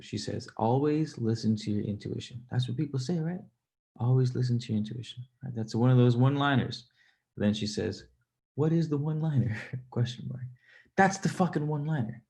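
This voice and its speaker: Brief: male stream host, mellow gravelly voice, animated and profane, casual chat. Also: on the low side. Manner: animated, swears freely, laughs between points. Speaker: livestream host reading viewer comments.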